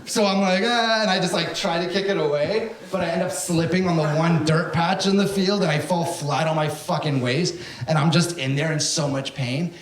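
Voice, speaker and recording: During a stand-up set, this young man talks at a moderate pace in a fairly high voice, swearing heavily as he animatedly acts out the people in his stories. It's recorded in an echoey room with a live crowd behind him.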